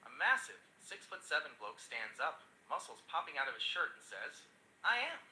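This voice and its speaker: A man's voice: mid-range voice, animated, moderate pace, sharp tone. A man's synthetic voice, chirpy and eager to please, telling jokes and recapping news. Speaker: AI chat assistant. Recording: echoey room with faint noise.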